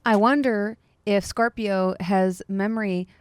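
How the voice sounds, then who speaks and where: A woman hosting a live tabletop game as its game master, brisk and friendly. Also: mid-range voice, steady tone, clean tone, no echo. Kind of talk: running a tabletop game stream.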